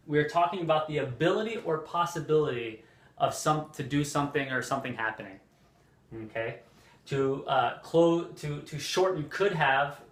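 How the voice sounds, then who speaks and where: A man teaching an English lesson, speaking deliberately and repeating example phrases, with frequent fillers. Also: fairly high pitch, a bit bright, roomy sound. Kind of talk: slow, clear language lesson.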